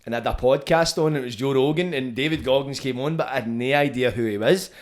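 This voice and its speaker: Scottish guy hosting a pod, heavy slang, swearing, laughs a lot, normal pitch. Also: fast. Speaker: podcast host. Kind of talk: casual podcast chat.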